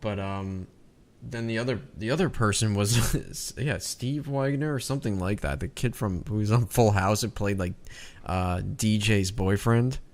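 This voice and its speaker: A man's voice: on the low side, unhurried, a little mellow. A young adult man co-hosting a podcast in casual chat, rambling with frequent laughs and swearing. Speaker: podcast co-host.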